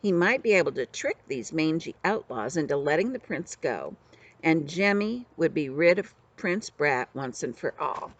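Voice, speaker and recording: An older woman, a grandmother, reading a children's book aloud with expressive storytelling. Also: low-pitched, moderate pace.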